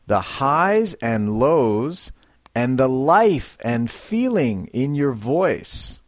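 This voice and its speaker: Slow, expressive male English teacher. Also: mid-range voice, dry recording. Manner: slow, clear, demonstrates intonation with exaggerated example sentences. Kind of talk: scripted English lesson podcast. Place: Japan.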